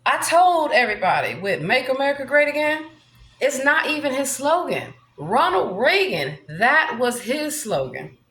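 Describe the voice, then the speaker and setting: Brash woman vlogger, high and lively voice, roomy echo. Profane, swaggering monologue. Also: moderate pace. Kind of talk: rambling monologue vlog.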